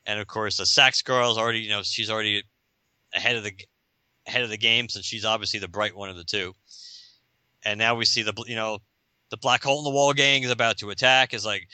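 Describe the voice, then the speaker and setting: Laughing, bright-voiced podcast host. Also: male voice, medium pitch, fairly quick, pauses often, clean tone, no room sound. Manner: animated, laughing, acting out scenes. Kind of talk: casual comic-book recap.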